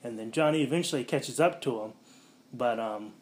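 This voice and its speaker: A man hosting a casual podcast, rambling through a movie plot with lots of fillers and quick voiced-out quotes. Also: medium pitch, darkish tone. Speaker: podcast host.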